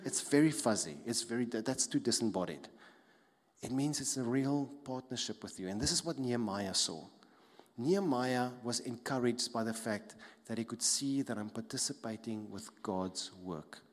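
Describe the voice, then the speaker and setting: A man preaching a sermon as a pastor, emphatic, repeating key phrases and dropping soft to stress them. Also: medium pitch, lively intonation, normal speed. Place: church hall. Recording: long hall reverb.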